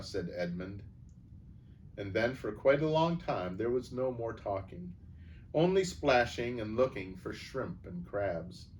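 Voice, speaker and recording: A man calmly reading a children's novel aloud as storyteller. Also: on the low side, slow pace. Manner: calm, even storybook reading. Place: church setting. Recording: distant mic, faint background noise.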